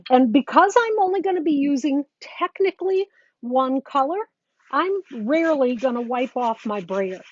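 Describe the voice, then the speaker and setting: Chatty woman demonstrating a craft. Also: sits high. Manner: chatty, talks while working, greets viewers. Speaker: quilting teacher. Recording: dull lo-fi sound with faint noise.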